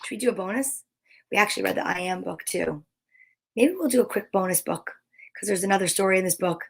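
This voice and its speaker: A woman's voice: mid-range voice, fast talker, creaky, breathy edge. A woman hosting storytime, reading a children's book aloud expressively. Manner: expressive, animated. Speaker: storytime host.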